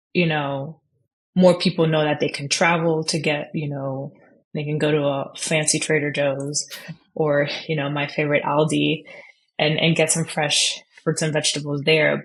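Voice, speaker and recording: A woman guest on a podcast, talking in a rambling, animated way with a low, sultry-toned voice. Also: gravelly. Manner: rambling, animated, self-deprecating. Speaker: guest dietitian. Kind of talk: casual conversational interview.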